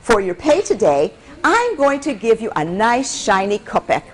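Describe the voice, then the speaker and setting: A kindly old village tailor gives slow, approving words of praise. A woman storyteller puts him on in a high voice, well above her own pitch, for a spoken folktale. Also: big pitch swings, slight background noise.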